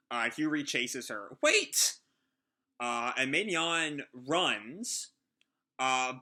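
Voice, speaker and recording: Guy reacting to a manga live, casual, lots of ums, super bright voice. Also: mid-range voice. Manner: casual, hesitant, lots of fillers and restarts, thinking aloud.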